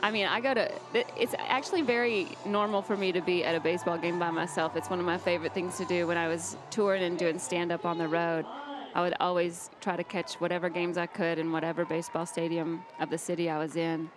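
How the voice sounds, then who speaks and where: A woman in her forties with a Southern US accent, chatting and joking as a guest in a baseball commentary booth, sarcastic and quick to laugh. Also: fairly low pitch, flat delivery. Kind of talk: casual chat in a commentary booth. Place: broadcast booth at a baseball stadium.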